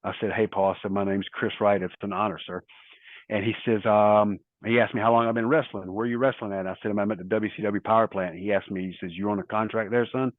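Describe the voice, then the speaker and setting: A man's voice: on the low side, level tone, fast, no room sound. A middle-aged man, a former wrestler, telling rambling stories in a casual interview, full of quoted dialogue. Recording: tinny phone-like line, dry.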